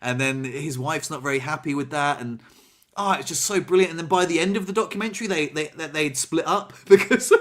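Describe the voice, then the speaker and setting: A man chatting casually, spinning an animated tale and slipping into the voices of the people in it. His voice sits a little high for a man. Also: fast. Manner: animated storyteller, acts out quotes, laughs. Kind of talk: casual chat.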